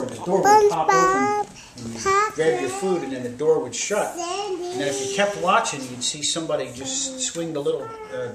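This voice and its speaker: An older man, a grandfather, telling a rambling, animated story to children in a casual way. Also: on the high side. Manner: rambling, animated, acts out voices with shouts. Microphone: camcorder across the room. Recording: echoey room, distant camera, loud noise.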